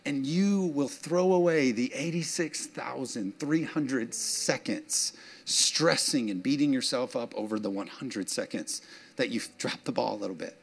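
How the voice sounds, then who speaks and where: An emotional man preaching a sermon in a loose, conversational way, with laughing asides to the people in front of him. His voice sits at an ordinary middle pitch for a man. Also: measured pace, creaky, a little hiss or hum. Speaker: pastor.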